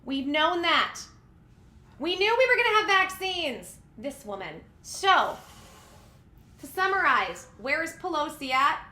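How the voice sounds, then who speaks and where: A woman's voice: high voice, very animated, a little slow, bright, forceful tone, roomy sound. A woman giving heated, sarcastic commentary, talking back at the clips she reads out. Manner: indignant, sarcastic, talks back at quotes. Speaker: political commentary vlogger.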